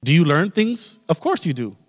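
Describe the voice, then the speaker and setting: A male pastor preaches passionately in a church sanctuary, addressing his congregation directly. His voice is a little high and sing-song at a moderate pace, and the hall's long reverb fills the recording.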